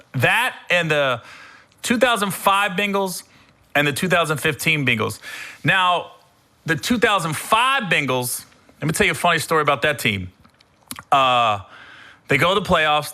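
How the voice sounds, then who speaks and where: A middle-aged man hosting a podcast, telling funny stories in a casual, animated way, acting out his own shouting. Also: a little high. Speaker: podcast host. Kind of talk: casual storytelling monologue.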